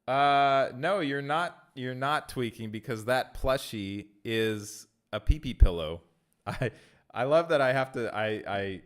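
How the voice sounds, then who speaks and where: A man streaming from home in a casual chat, reading out viewer messages and answering them with easy laughs. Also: mid-range voice. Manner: chatty, reads chat aloud and answers viewers; laughs easily between phrases. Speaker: streamer and content creator.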